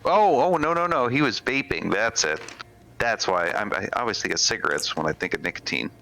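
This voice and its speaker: A man's voice: on the low side, lively intonation, fairly quick, gravelly, bright, forceful tone, rough recording. A man co-hosting a live game stream, trading easygoing, self-deprecating banter. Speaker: stream co-host and commentator. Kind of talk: casual live-stream commentary.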